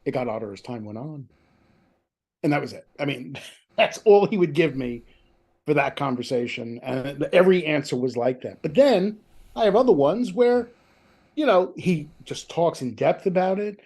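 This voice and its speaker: A man being interviewed about his book over a video call, telling lively anecdotes in a chatty, self-deprecating way. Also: on the high side, moderate pace, husky. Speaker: author, interview guest. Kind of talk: casual storytelling chat.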